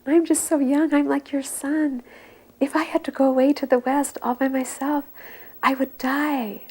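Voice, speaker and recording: A woman voicing a young male disciple who pleads through tears, high-pitched and slow. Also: level tone, a little mellow, close to an everyday voice. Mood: tearful pleading. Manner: tearful, begging, high and slow.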